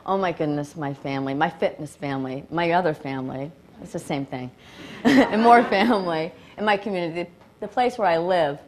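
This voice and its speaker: A woman's voice: on the low side, brisk, a little hiss or hum. Effusive woman giving an award speech. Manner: effusive, grateful, laughing often. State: nervous, hands shaking. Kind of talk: off-the-cuff acceptance speech. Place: live award event before an audience.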